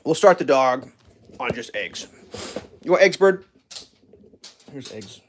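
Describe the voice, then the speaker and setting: A man's voice: medium pitch, expressive, takes it slowly, slight background noise. A man vlogging casually while cooking in his home kitchen, rambling and chatting with his dog.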